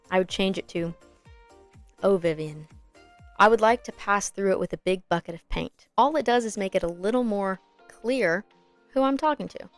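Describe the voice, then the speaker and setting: A woman's voice: medium pitch, clean tone. A young adult woman hosting a podcast and teaching auditions, explaining in a friendly, encouraging way with worked examples. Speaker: podcast host and acting coach. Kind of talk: casual instructional podcast talk.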